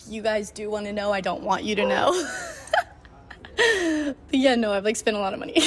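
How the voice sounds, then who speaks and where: A young woman in her twenties talks through a travel story at a rapid clip, gushing as she goes. Her sentences are stuffed with "like," and she drops casual swears along the way. Her voice sits at an everyday middle pitch. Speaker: podcast host.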